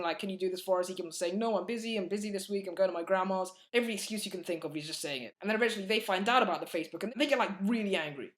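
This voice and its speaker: A man giving a casual, blunt film review, chatty and full of fillers and restarts. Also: sits high. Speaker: movie reviewer.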